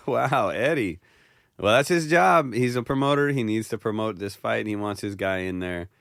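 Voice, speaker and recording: A British man with a fairly low voice talks through the week's fights in an easygoing, joking podcast chat. His voice sits close to the mic in a dry space with no echo. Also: lively intonation, moderate pace, vocal fry, a bit bright. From Britain. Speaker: podcast co-host. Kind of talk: casual chat.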